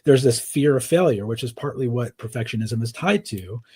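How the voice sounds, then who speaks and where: A man's voice: mid-range voice, expressive, moderate pace, darkish tone, breathy edge, dry recording. A man, a podcast guest and author, explaining ideas in a conversational interview, often checking in with "right?". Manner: explains frameworks with many "right?" tags.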